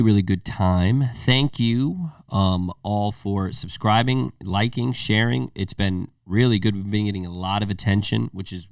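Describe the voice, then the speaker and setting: A man's voice: fairly low pitch, creaky, dry recording, clean studio sound, far from the mic. A man co-hosting a casual podcast, laid-back and loose, swearing and calling his friend bro and dude. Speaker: podcast co-host.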